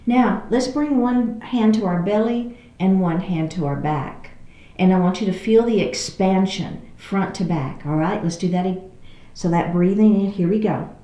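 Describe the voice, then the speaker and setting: Calm Texan woman guiding chair yoga. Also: mid-range voice, measured pace, roomy sound. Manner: calm, soothing cues with frequent check-ins. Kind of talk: guided yoga class instruction.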